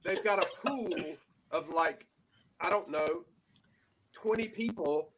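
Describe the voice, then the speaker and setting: A man with a slightly high voice rants on a casual panel. He sounds exasperated and insistent, piling up his complaints. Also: slow pace, fairly bright tone, a little hiss or hum. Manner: ranting, exasperated.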